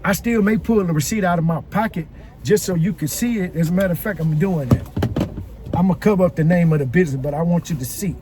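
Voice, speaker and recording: A man telling a restaurant story as an animated, profane, exasperated rant, recorded outdoors. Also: sits high, quick pace, a little hiss or hum. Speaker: vlogger reviewing a restaurant.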